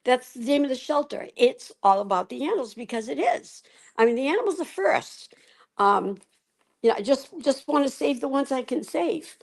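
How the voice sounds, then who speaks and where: An older woman who runs an animal rescue, speaking on a video call, excitable and repeating herself. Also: high-pitched, moderate pace, gravelly. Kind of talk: casual chat on a video call.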